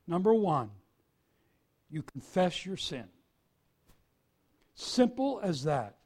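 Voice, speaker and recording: A male preacher giving a sermon, swinging from soft confession to loud emphasis. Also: high voice, big pitch swings, takes it slowly, long pauses.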